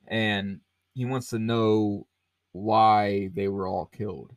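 A man's voice: lowish voice, steady tone, slow, no room sound. A man hosting a podcast, talking about a film casually with lots of fillers and restarts. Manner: rambling, many fillers and restarts. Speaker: podcast host.

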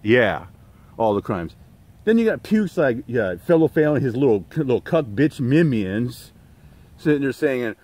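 A middle-aged man hosting his own channel, ranting in a profane, rambling way with many fillers and restarts. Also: on the high side. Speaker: channel host. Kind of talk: rambling livestream rant.

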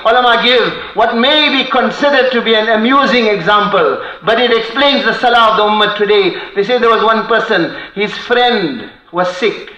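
High-voiced, fast preacher in an echoey hall. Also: male voice, sharp tone. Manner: impassioned, quotes Arabic poetry in rapid recitation. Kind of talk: sermon. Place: mosque hall.

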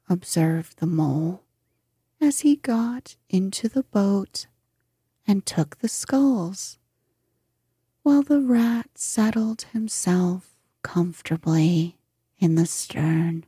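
A woman reading a bedtime story in whispered role-play, with a soft, breathy whisper and a gentle, lulling manner, close to the mic. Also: medium pitch, lively intonation, slow, no room sound. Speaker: sleep story reader.

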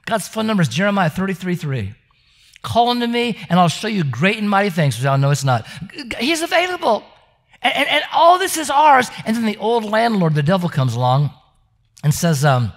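A man's voice: very high voice, big pitch swings, moderate pace, gravelly, fairly bright tone. A man preaching a sermon, telling stories with frequent stammering restarts and acting out the characters' voices. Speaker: pastor. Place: church service.

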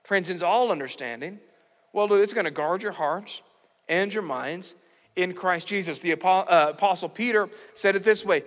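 High-voiced pastor, earnest sermon. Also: male voice, normal speed, a bit bright, in a large hall. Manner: earnest and encouraging, with emphatic repetition. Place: church livestream.

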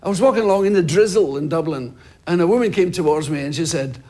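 A man in his fifties, a comedian telling stories in a TV interview and bursting into shouted impressions of people in the street. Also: fairly high pitch, fast. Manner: lively, swings into loud shouted impressions of people. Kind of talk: animated storytelling in a TV interview. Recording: TV studio with audience and some noise. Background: audience laughter.

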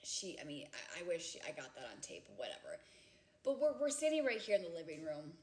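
A giggly woman in her thirties chats casually with viewers on a livestream from home. Her voice is lively and swoops up and down. She talks in a loose, chatty way. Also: lowish voice, a little fast. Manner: giggly, chatty, breaks into loud laughter. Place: home, indoors.

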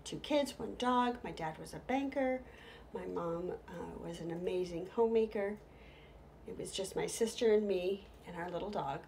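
A middle-aged woman telling humorous stories, lively, with hushed whispered asides. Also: on the low side, moderate pace, vocal fry, a little hiss or hum. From United States. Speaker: storyteller. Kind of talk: humorous stage storytelling.

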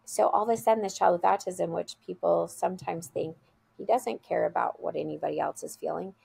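This is a woman who guides children at a school, telling a story in an interview. She talks in an earnest, heartfelt way and repeats phrases to drive a point home. Her voice sits low and has a gravelly edge. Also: brisk, warm tone.

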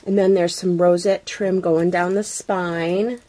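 A woman chats to her camera in a room at home, gushing with delight in a slow, unhurried way. Her voice is mellow and warm, full of exclamations and soft breathy gasps. It is picked up by the camera's own mic. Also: lowish voice, steady tone. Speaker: craft vlogger. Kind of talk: casual unboxing chat to camera.

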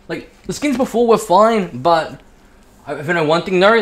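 A man giving excitable, casual commentary as he plays a game, swearing and talking to himself. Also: high voice, normal speed. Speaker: gaming YouTuber. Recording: echoey room with faint background hiss.

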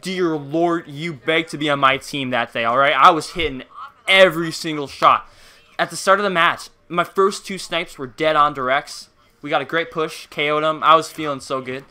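A young man hosts a live game stream, his slightly high voice bright and lively. He keeps up a playful, upbeat chatter, calling out viewers by name as he plays. The talk is loose and casual throughout. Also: moderate pace. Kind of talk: casual live-stream chat while gaming.

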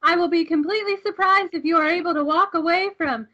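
A woman's voice: extremely high pitch, quick pace, bright, forceful tone, dull audio. A woman playing a smug, teasing villainous mother figure.

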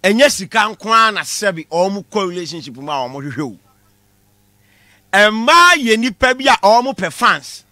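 A man with a Ghanaian accent giving a comic lecture in a lively way, shouting out his punchlines. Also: high voice, normal speed, no room sound. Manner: animated, shouting punchlines, mixing Twi with English. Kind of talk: comedy class monologue.

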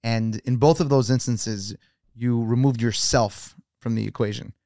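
A man hosting a podcast, asking measured interview questions and summarizing what his guest has said. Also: mid-range voice, steady tone, mellow, dry recording, clean studio sound. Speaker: podcast host.

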